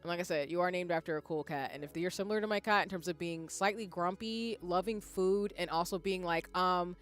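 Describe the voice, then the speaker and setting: A woman's voice: fairly low pitch, a little fast, faint music behind. A woman streamer chatting casually with viewers, rambling and laughing often as she reads the chat aloud. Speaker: live streamer.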